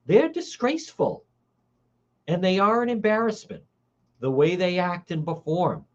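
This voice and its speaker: Indignant man, lively pitch. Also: a little slow, dull audio. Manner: indignant, heated, repeats his points. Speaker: talk show host. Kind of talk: political commentary livestream.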